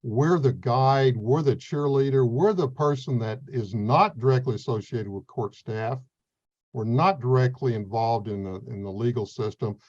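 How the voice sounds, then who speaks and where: A man's voice: medium pitch, moderate pace, a little mellow. A man coordinating veteran mentors, earnestly explaining their role in an interview with plain talk and fillers. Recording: slightly dull, lo-fi sound.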